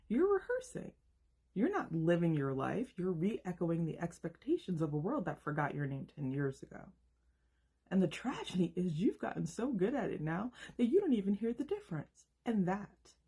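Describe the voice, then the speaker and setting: A woman in her thirties speaks a scripted motivational monologue, her husky voice swinging widely in pitch. She leans on rhetorical questions and lets dramatic pauses land. Her tone is emphatic and direct. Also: warm tone. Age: 30s. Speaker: self-help video host.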